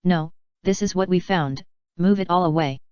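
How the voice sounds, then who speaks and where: A woman's voice: on the low side, moderate pace, a little mellow, smooth, dry recording, lo-fi sound, natural voice. A woman reading the lines of a bossy, greedy young female navigator, in her own plain voice.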